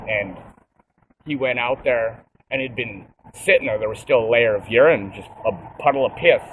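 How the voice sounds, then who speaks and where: A man's voice: mid-range voice, noisy background. A young man casually telling a rambling, profane anecdote outdoors, recorded on a phone. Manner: rambling, profane, laid-back. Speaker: storyteller.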